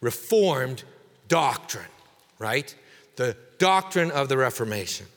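A man pastor preaching a sermon with emphatic delivery, dropping quiet and then rising to forceful exhortation. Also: mid-range voice, lively intonation, slow, in a large hall.

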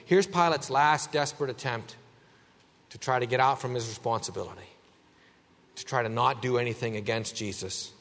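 A man preaching a sermon as pastor, emphatic, swinging between a raised voice and a hushed one. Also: medium pitch, moderate pace, big-room sound.

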